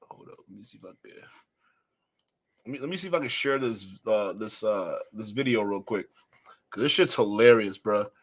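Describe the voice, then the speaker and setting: A man's voice: on the low side, moderate pace, a bit bright. A man hosting a reaction video, mocking what he hears, swearing and talking straight to his chat. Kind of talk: casual reaction commentary.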